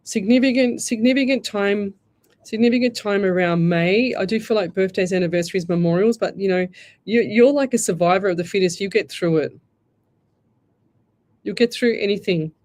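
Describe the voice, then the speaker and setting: The speaker is an Australian woman, a psychic medium running a live radio program, who chats and wanders through her readings with affectionate touches like "lovey." Her pitch is medium and her pace moderate.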